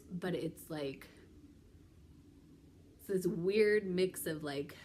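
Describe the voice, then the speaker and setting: A woman's voice: lowish voice, a little hiss or hum. A young woman vlogger chatting casually to camera, rambling with many ums and restarts. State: pregnant.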